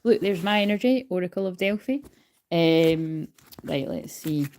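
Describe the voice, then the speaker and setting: A woman's voice: on the low side, lively intonation, unhurried, darkish tone, a little hiss or hum. A woman doing a casual livestream card reading into a phone. She is chatty, swears freely and calls herself hyper. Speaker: tarot card reader.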